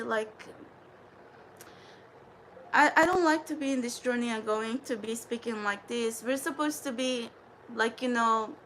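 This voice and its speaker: Profane ranting woman streamer, high voice. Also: a bit bright, slight background noise, poor audio. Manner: profane, defiant, rambling. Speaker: spiritual livestream host. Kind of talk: ranting livestream chat.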